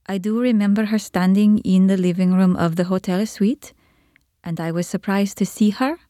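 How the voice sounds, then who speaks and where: A young woman testifying as a witness in court, answering in a halting, hesitant way. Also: mid-range voice, fairly even intonation, dark tone, no echo, clean studio sound. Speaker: trial witness.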